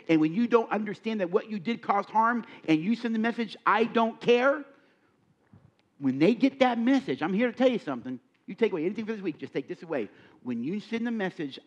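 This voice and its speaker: A middle-aged man preaching a sermon, acting out little scenes and firing questions at his listeners. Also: high voice. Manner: animated, acts out dialogue, asks the audience questions. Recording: dull lo-fi recording.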